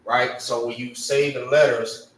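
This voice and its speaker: Slow-paced man teaching a language class. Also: mid-range voice, roomy sound, recorded from a distance, a little hiss or hum, poor audio. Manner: relaxed, repeats "right?" and spells sounds out. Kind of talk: casual language lesson.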